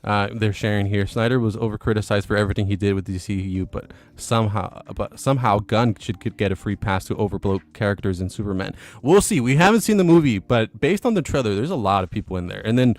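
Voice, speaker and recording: Male stream host, low voice, easygoing, reads chat aloud. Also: quick pace, hardly any pauses. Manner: relaxed, chuckles between comments. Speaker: livestream host. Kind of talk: casual livestream chat reading viewer comments.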